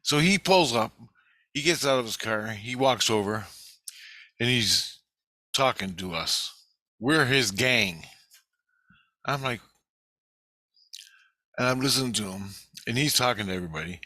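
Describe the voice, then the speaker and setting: A man's voice: medium pitch, lively intonation, measured pace, pauses often, bright, forceful tone, dry recording. A man talking casually and at length, recounting a dream in a profane, rambling, emphatic way.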